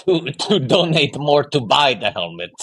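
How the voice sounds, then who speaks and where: Bright, husky man bantering. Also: mid-range voice, very animated, a little slow. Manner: incredulous, joking, reads chat comments aloud. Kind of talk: casual livestream banter.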